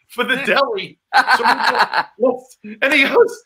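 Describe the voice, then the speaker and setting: A man co-hosts a casual podcast chat and tells rambling stories, acting out quotes along the way. His voice sits high and sounds very bright, almost sharp. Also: takes it slowly. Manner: rambling anecdote teller who acts out quotes. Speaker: podcast co-host.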